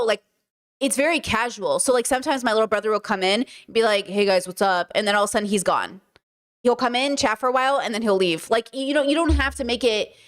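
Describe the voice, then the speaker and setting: Young woman chatting on stream, slightly high voice, animated storyteller doing everyone's lines. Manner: animated storyteller, acts out family members' lines. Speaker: streamer host. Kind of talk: casual chat to a live stream.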